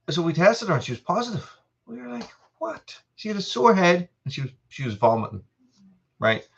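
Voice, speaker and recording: A man's voice: medium pitch, fairly bright tone, muffled recording. A middle-aged Irish man hosting a casual live stream from his home, a little out of breath, rambling and greeting viewers by name. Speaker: livestream host. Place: family home.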